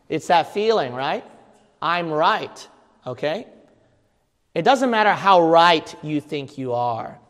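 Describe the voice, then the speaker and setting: A man preaching a sermon, hammering his points home with repetition and breaking into sudden loud bursts. His voice sits fairly high for a man. It rings out with a long reverb in a church hall. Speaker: pastor.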